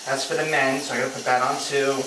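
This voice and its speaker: A woman talking to camera in a comedic vlog, campy and playful, her voice swooping up high for jokes. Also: flat delivery, quick pace. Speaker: vlogger. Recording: echoey room, distant mic, faint hiss.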